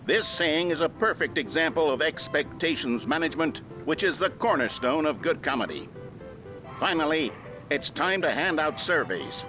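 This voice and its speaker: A man's voice: a little high, expressive, natural voice. A man voicing an upbeat, mock-authoritative narrator of an old instructional video. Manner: brisk, cheery, mock-authoritative. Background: music.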